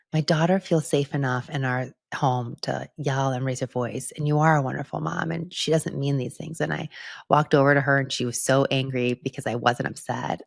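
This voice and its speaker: A woman's voice: low-pitched, creaky, no echo, studio quality. A woman podcast host talking candidly and reflectively about her year, with frequent light laughs. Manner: candid and conversational, laughs often. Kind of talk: reflective personal monologue.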